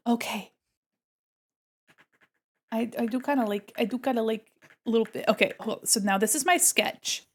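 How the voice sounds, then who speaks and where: A woman streams herself drawing and keeps a playful, chatty narration of each step going. Her fairly high voice is slightly rough, with a moderate pace and frequent pauses.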